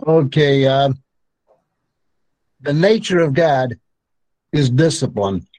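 A man's voice: mid-range voice, animated, takes it slowly, darkish tone, low-quality recording. A man speaking as a guest on a talk show, blunt and plain-spoken.

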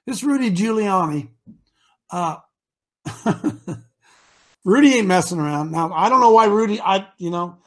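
A man hosting a live talk show, preachy and rousing, rambling between points. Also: high-pitched. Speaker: host.

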